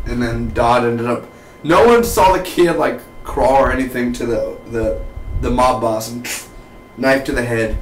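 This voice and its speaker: A man's voice: mid-range voice, brisk, distant mic, a little hiss or hum. Casual male TV reviewer, rambling and self-deprecating, recorded off-mic in an echoey room. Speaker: TV episode reviewer.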